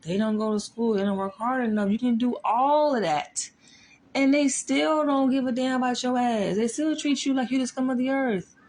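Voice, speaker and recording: A woman's voice: fairly high pitch, normal speed, a little mellow. A woman psychologist talking casually and emphatically, often tossing in rhetorical asides. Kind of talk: casual commentary.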